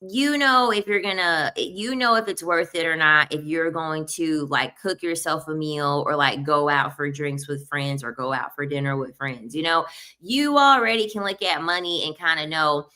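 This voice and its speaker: A woman's voice: sits low, normal speed, bright, forceful tone. A woman in her thirties giving blunt, emphatic opinions in a casual commentary, often repeating her points. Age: 30s. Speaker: online commentator.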